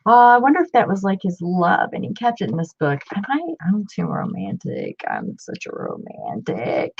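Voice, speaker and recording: A woman in her fifties, chatty and excitable, showing off old books in a casual vlog. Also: medium pitch, fairly quick, creaky, husky. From Ohio. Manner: chatty, excitable, muttering asides. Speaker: book collector vlogger. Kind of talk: casual show-and-tell. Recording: dull lo-fi home recording.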